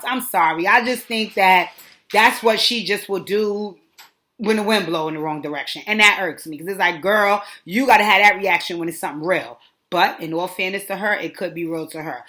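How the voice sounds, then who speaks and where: A woman giving a casual, gossipy recap commentary, animated and full of dismissive asides. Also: mid-range voice, moderate pace. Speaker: reality show commentator.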